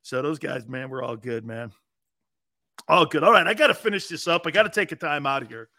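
Chatty man telling stories, bright dry voice. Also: a little high, fairly quick, no echo. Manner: laughing, rambling anecdote with acted-out quotes. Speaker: host. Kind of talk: casual storytelling on a live show.

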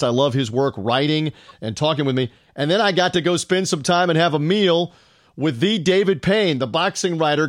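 A middle-aged man from the United States hosts a podcast, talking in a loose, chatty way and poking fun at himself. His voice is deep and resonant but sits a little high for a man, and the recording is close and dry with no room sound. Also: dry recording. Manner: chatty, self-deprecating. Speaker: podcast host. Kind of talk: casual podcast talk with ad read.

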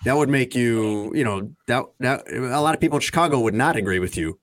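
A man's voice: mid-range voice, fairly quick. A man hosting a radio talk show, rambling and teasing his co-hosts in casual chat. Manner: rambling, teasing, meandering asides.

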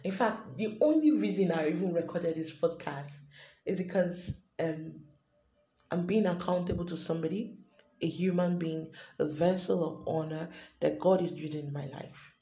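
A woman's voice: fairly low pitch, normal speed, dark tone. A woman hosting her own unscripted devotional podcast, speaking earnestly and repeating herself. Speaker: podcast host. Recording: echoey room with faint music.

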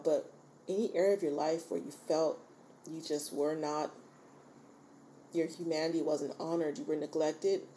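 A woman's voice: on the low side, mellow, slight background noise. A woman hosting a solo podcast, talking informally and encouragingly and often checking in with her listeners. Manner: chatty and informal. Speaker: podcast host. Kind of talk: casual solo podcast talk.

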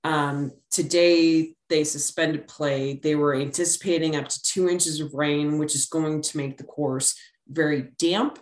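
A middle-aged woman with a low voice co-hosts a casual sports podcast. She rambles easily, with plenty of ums and restarts. Her voice carries a roomy echo. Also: fairly even intonation, unhurried. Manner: chatty, rambling with fillers. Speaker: podcast co-host.

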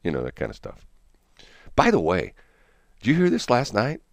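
A man's voice: lowish voice, wildly swooping pitch, normal speed, gravelly, dry recording, studio quality. A man hosting a casual morning radio chat, rambling and chuckling, restarting his sentences often. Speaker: radio host.

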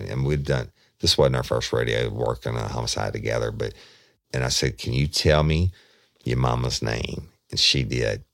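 A middle-aged former detective tells about a case in casual, folksy storytelling, calling his listeners "y'all," speaking straight to them and quoting himself at length. His voice rumbles low with vocal fry and a fairly bright tone. The sound is clean studio audio with no echo.

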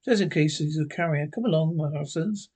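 A man's voice: fairly high pitch, a little fast, darkish tone, lightly acted. A man reading the part of a fussy middle-aged male scientist, with a hesitant delivery that restarts lines.

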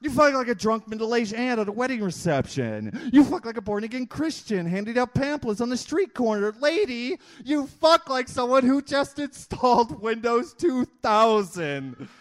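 A man performing a rhythmic spoken-word slam poem live on a stage mic, repeating lines and building to shouts. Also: extremely high pitch, big pitch swings, normal speed. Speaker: slam poet.

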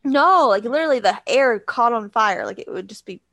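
A woman's voice: a little high, lively intonation, brisk, fairly bright tone, dry recording. A woman co-hosting a casual chat, teasing her friend and laughing often. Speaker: podcast co-host.

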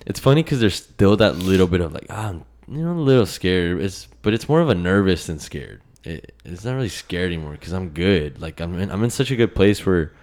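A young man with a very deep, low voice on a casual podcast. He sounds relaxed and upbeat and drops casual swears. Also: brisk, few pauses. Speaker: podcast co-host. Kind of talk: casual chat.

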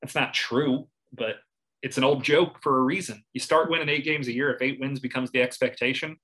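Man, podcast host, bright forceful voice, wry and analytical, mid pitch. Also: fairly even intonation, a little fast, poor audio. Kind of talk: casual sports talk.

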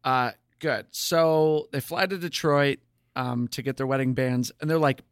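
A podcast co-host with a voice on the high side recaps show episodes in a casual chat at a moderate pace. He's a chatty storyteller, full of "um" and "like," and the studio sound is clean with no echo.

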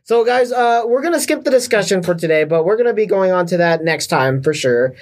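A podcast host chatting casually, relaxed and hesitant with fillers. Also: mid-range voice, a little fast.

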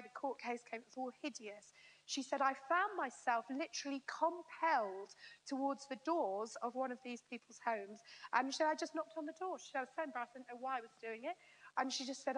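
A woman telling a story as a sermon to a women's gathering, lively and acting out what people said. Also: fairly high pitch. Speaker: Christian speaker. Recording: long reverb of a large hall.

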